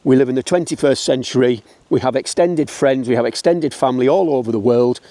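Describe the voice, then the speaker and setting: A man's voice: mid-range voice, a little fast, dark tone, no room sound. A middle-aged man with a British English accent talking bluntly and chattily to camera while walking uphill outdoors, a little out of breath. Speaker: wedding photographer. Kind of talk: casual walking vlog to camera.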